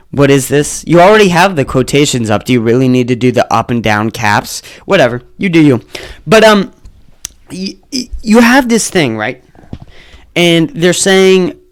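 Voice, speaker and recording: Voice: medium pitch, sing-song, unhurried. Profane ranting solo podcast host. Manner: swings between muttered asides and loud outbursts. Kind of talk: casual solo podcast rant.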